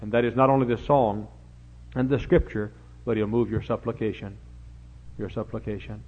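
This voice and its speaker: A middle-aged man, preaching a folksy sermon full of rambling anecdotes and sudden loud emphatic bursts. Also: on the low side, fairly even intonation, moderate pace. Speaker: pastor. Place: church service before a congregation. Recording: dull lo-fi recording with faint hum.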